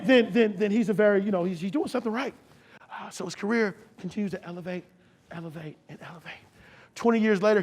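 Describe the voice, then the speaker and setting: A man delivers a live motivational talk on leadership in a high voice with a gravelly edge. He tells his story with many repeats and restarts. He swings from emphatic, loud bursts to hushed asides and keeps calling on the audience to respond. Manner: addresses the crowd directly, calls for responses.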